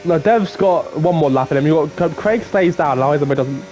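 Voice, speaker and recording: A man commentating live on a sim racing qualifying session, swinging between low murmurs and excited outbursts. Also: normal speed. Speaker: race commentator.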